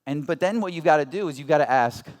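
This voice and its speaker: His voice sits on the high side, expressive and quick as he addresses a business seminar. The motivational speaker, a man in his thirties, keeps things earnest and conversational while asking the crowd rhetorical questions.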